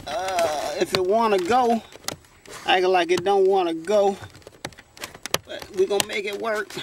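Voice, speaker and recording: A chatty man, pitched high for a man, walks viewers through a repair from inside a parked car, exclaiming as he goes. His camera sits close while he works, with a faint hiss behind him. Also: a little slow. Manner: chatty, exclaims often, talks straight to viewers. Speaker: vlogger. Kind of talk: casual how-to car repair vlog.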